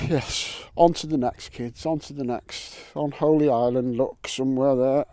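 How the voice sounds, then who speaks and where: A man's voice: medium pitch, fairly even intonation, moderate pace, warm tone. A man filming his metal detecting vlog outdoors on a windy island, joking, bantering and swearing as he goes. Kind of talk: casual vlog commentary. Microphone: camera mic with wind muff.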